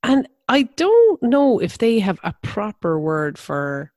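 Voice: medium pitch, wildly swooping pitch, slow, a little mellow, dry recording. Reflective chatty speaker, dry close sound. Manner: reflective, laughs easily. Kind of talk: casual conversation.

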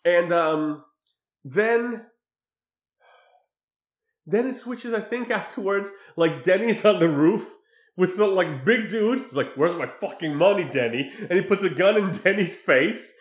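A man casually recapping a film's plot, animated, often acting out quoted lines. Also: high-pitched, slow pace, long pauses, echoey room. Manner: animated retelling with acted quotes. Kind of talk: casual film recap chat.

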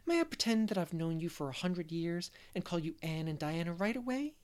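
A man reading aloud, voicing a lively middle-aged unmarried woman who loves make-believe and gushes over her guests. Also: a little high, fairly quick. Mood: delighted. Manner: gushing, fond of make-believe. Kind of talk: storybook character reading.

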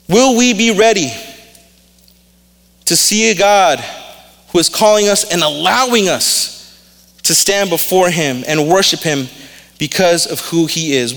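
Man, high-pitched voice, pastor, conversational storytelling sermon, long hall reverb. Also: a bit bright. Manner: conversational storytelling preacher, emotional. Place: church sanctuary.

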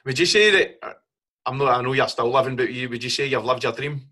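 A man's voice: medium pitch, fast talker, bright, forceful tone. A Scottish man hosting a podcast, chatting casually and backing his guest with frequent short agreements. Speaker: podcast host. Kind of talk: casual interview chat.

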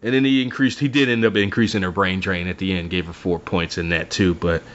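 A man's voice: deep voice, brisk, slight background noise. A man co-hosting a casual chat, animatedly recapping a book and acting out lines from it. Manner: animated retelling, acts out characters' lines. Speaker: podcast co-host recapping a book. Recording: dull lo-fi audio.

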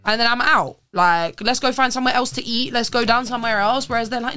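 A young woman telling travel stories as a podcast guest, casual and animated, swearing and acting out quotes. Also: on the high side, quick pace, hardly any pauses. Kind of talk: casual storytelling.

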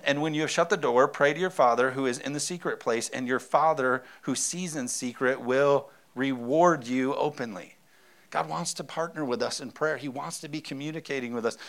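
A man's voice: mid-range voice, a bit bright. A man in his thirties, a pastor preaching a sermon with emphasis and often calling out for an amen.

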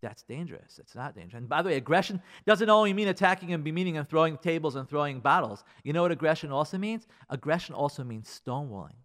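A man giving a Torah class on radio, asking rhetorical questions and quoting Hebrew and Aramaic sources, swinging between loud emphasis and quiet asides. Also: a little high, expressive, fast talker, hardly any pauses.

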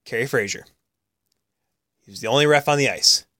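A man's voice: mid-range voice, fairly quick, no room sound, studio quality. A man co-hosting a podcast, chatting and arguing casually about hockey, joking and interrupting. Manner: animated, jokey, argues and cuts in. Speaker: podcast co-host.

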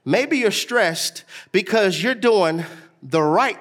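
A man in his thirties, a pastor delivering a sermon and talking straight to the congregation, his preaching swelling into shouts with a sing-song cadence. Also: high voice, lively intonation, slow pace.

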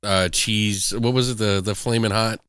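A man's voice: on the low side, fairly even intonation, normal speed, fairly bright tone, clear, resonant tone, no room sound. A man hosting a casual horror podcast, joking around and swearing freely. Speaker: podcast host. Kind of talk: casual chat.

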